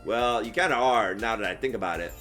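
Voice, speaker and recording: A man's voice: on the low side, fast, music in the background. Man reading a game aloud. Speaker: streamer. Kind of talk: reading a visual novel aloud.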